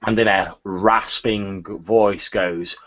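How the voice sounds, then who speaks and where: A man's voice: fairly low pitch, steady tone, slow pace, a bit bright. A man narrating as game master, describing scenes with small restarts. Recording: lo-fi audio.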